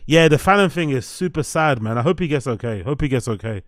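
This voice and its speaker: A man's voice: medium pitch, no echo, clean studio sound. A young British man hosting a casual reaction show, sarcastic, swearing, and firing mock questions at his chat. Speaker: host.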